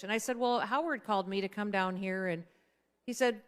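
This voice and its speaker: Middle-aged woman telling a story at a dinner, smooth clear voice, chatty, acts out who said what. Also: mid-range voice, fairly quick. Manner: conversational, acts out quoted dialogue. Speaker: guest speaker at a political dinner. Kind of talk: anecdotal storytelling speech.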